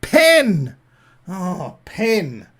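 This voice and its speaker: A man's voice: sits high, huge pitch swings, very slow, a bit bright. An Australian man giving an improvised Christian talk, thinking aloud with frequent fillers and restarts. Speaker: Christian speaker.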